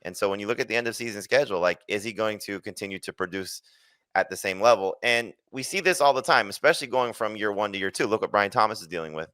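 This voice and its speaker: A man on a fantasy football podcast, giving his quick analytical take in casual discussion. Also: on the low side, bright, forceful tone, smooth, no room sound.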